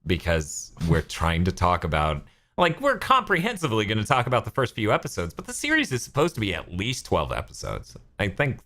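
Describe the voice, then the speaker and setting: A man's voice: fairly low pitch, huge pitch swings, brisk, a bit bright. A man co-hosting a casual podcast, joking and laughing often and swearing freely. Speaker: podcast co-host.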